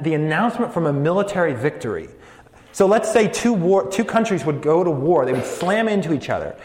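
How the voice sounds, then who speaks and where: A man preaching a sermon to college students as a campus ministry preacher, earnest and building emphasis, with light jokes along the way. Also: on the high side. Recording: echoey hall with long reverb.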